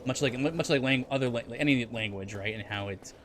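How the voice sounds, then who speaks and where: A man's voice: mid-range voice, a little fast. Rambling male game streamer, faint hiss. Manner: rambling, chatty, with restarts and asides to chat. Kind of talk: casual gameplay commentary.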